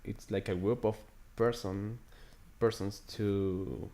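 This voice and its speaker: A man from Chile with a Chilean Spanish accent, a native Spanish speaker in a casual video chat, pausing often to search for English words. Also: lowish voice, fairly even intonation, mellow. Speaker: language exchange partner. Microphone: video call.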